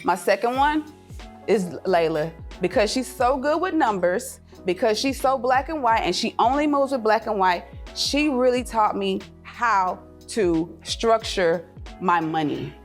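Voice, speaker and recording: A woman with a slightly high voice delivers a fervent, preacher-like talk to a gathered audience. She gets emotional, close to tears, and brightens into playful high voices when she quotes family. Soft music plays faintly underneath. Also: animated, unhurried. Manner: passionate and preachy, mixing faith with business advice; swings into high, laughing voices when quoting her kids and herself. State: emotional, near tears at times. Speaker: event speaker. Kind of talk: motivational speech to a live audience. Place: event room with an audience.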